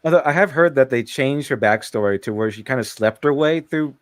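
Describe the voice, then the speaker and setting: A man's voice: mid-range voice, brisk, no room sound, studio quality. A man chatting on a stream, rambling, stumbling over his words and laughing often. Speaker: stream co-host. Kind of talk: casual chat.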